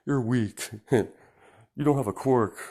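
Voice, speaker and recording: A man's voice: medium pitch, slow pace, mellow. A man voicing a sneering teenage bully in a fan story, taunting and mocking in a casual tone.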